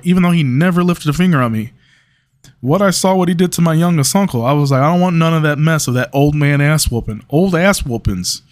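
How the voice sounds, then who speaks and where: A man in his mid-thirties hosting a solo podcast, telling stories in a rambling, joking way with frequent restarts and cursing. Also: mid-range voice. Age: 30s. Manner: rambling, laughing storyteller with restarts and profanity. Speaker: podcast host. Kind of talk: casual solo monologue.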